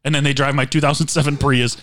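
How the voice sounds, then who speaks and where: A man's voice: mid-range voice, little pitch movement, quick pace, fairly bright tone, a little hiss or hum. A man co-hosting a podcast, riffing and joking in casual comedic banter into a studio microphone. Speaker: podcast co-host. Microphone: dry studio microphone.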